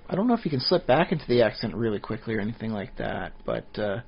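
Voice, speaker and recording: A man's voice: on the low side, sing-song, fast talker, vocal fry, husky, dull audio. A man co-hosting a podcast in casual chat, rambling with frequent fillers and restarts. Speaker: podcast co-host.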